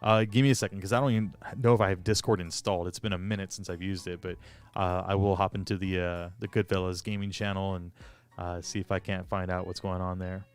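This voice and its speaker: This hobby modder talks fast in a low, level, clean-toned voice while streaming live. He's an adult who chats loosely, rambling and self-deprecating, leaning on fillers and saying hello to viewers as they arrive.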